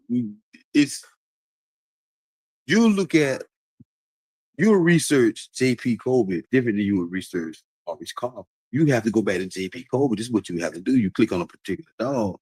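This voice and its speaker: Medium-pitched with a breathy edge, a man chats casually to his stream audience in an animated, repetitive, preachy way, laughing frequently. The recording is low quality, without echo.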